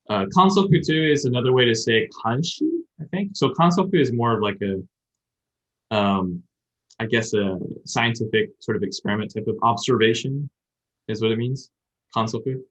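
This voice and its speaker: Male podcast co-host, mid-pitch, chatty and meandering, slightly muffled lo-fi audio. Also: a bit bright. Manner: rambling, explains with many fillers and restarts. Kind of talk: casual chat about learning Japanese.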